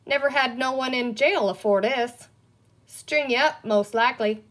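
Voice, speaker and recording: A woman voicing a lazy male cowboy sheriff from a storybook, speaking in a slow drawl. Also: high-pitched, a bit bright.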